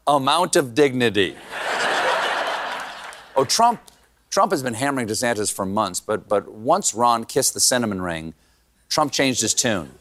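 A man's voice: medium pitch, lively intonation, a little slow, long pauses, noisy background. A man hosting a late-night comedy monologue with a punchy joke delivery, often laughing at his own lines.

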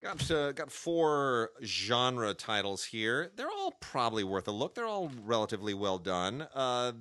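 A man's voice: mid-range voice, fairly bright tone, no room sound. A man co-hosting a podcast, casually reviewing films with wry, dry asides. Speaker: podcast co-host, film reviewer.

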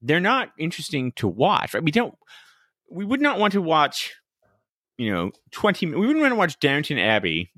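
A man co-hosts a podcast in loose, casual chat. His pitch swings widely and his tone is bright. He laughs often and slips into a high voice for quotes, heard close and dry. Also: no room sound. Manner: animated, quick to laugh, acts out quotes in a high voice. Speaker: podcast co-host.

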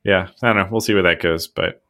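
A man co-hosting a podcast, talking in a loose, easygoing way with lots of ums and chuckles. His voice is deep and gravelly with plenty of fry, recorded close and dry. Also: quick pace, dry recording. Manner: relaxed, chuckling, trails off with fillers. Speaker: podcast co-host. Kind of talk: casual chat.

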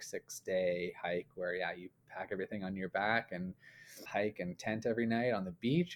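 A young man from Canada, a guest chatting casually and telling stories with easy fillers. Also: sits low. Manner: relaxed, chatty storytelling with frequent fillers. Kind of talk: casual conversational interview.

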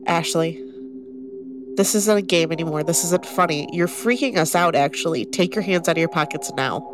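A woman's voice: lowish voice, normal speed, music in the background. A woman playing her character in a tabletop role-play, blunt, confrontational and exasperated. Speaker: tabletop game player.

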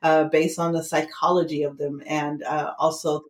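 A woman's voice: deep voice, level tone, normal speed. A middle-aged woman guest telling a personal story in a casual interview, acting out the voices of the people she quotes. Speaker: interview guest, tarot teacher. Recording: roomy echo.

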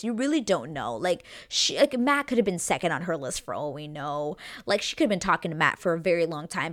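A young woman gossips through a recap of a reality dating show, her speech full of fillers and casual swearing. Her voice sits slightly low but swings widely in pitch, and she slips into squeaky mock voices when she quotes people.

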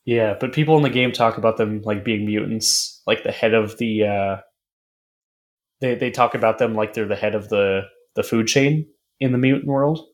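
A man's voice: lowish voice, fairly even intonation, normal speed. A man co-hosting a podcast in casual chat, recapping loosely with fillers and casual swearing. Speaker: podcast co-host.

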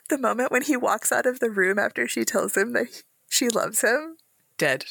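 A woman's voice: a little high, moderate pace, vocal fry, fairly bright tone, no echo. A woman co-hosting a book podcast, gushing emotionally about a romance novel. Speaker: podcast co-host. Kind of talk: casual book chat.

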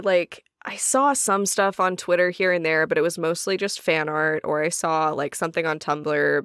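A woman's voice: low-pitched, fairly bright tone, clear, resonant tone, no echo, studio quality. A woman with a faint Southern US accent, co-hosting a casual podcast, giggly and swearing freely. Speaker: podcast co-host. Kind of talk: casual chat.

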